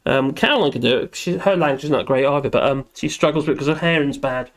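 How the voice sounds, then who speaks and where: A man's voice: medium pitch, fast. A man hosting a casual live stream, chatting in a rambling way and reading out viewer comments at his computer. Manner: rambling, chatty, with fillers, talking to his dog between comments.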